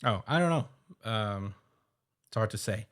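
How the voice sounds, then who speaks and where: Male podcast co-host, lowish voice, loose filler-heavy recap style. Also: animated, fairly bright tone. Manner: loose, filler-heavy retelling with quick quoted asides and laughs. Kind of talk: casual podcast chat.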